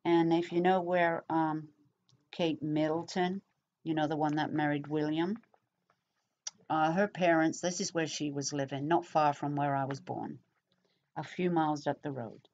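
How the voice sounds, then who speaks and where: A woman's voice: low-pitched, steady tone, unhurried, darkish tone, slight background noise. A middle-aged woman from England with an English accent, chatting casually to camera in a rambling way with many fillers. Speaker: vlogger. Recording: dull lo-fi sound.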